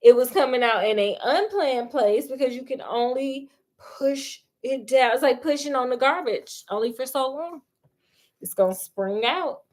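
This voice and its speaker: A woman's voice: high-pitched, animated, moderate pace. Sassy chatty woman storyteller. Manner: chatty and sassy, peppered with "honey" and "child". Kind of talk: casual retelling of a movie. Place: at home doing crafts.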